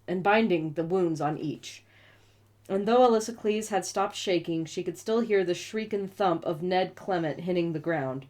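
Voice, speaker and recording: A woman's voice: lowish voice, a little mellow. Snarky woman reading a novel aloud. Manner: snarky, profane asides between read passages. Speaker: book reviewer reading aloud.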